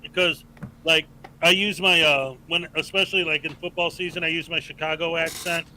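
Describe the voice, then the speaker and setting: A man's voice: on the high side, steady tone, moderate pace, bright, forceful tone, a little hiss or hum, low-quality recording. A man hosting a casual livestream, chatty and laughing often as he thanks supporters and hypes viewers. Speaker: livestream host. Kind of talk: casual live chat reading donations.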